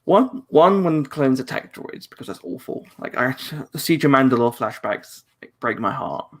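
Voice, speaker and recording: A British co-host chatting loosely on a live podcast, restarting sentences and laughing easily. The pitch swings a lot, with a gravelly edge. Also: animated, moderate pace, fairly bright tone. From Britain. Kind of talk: casual live podcast chat.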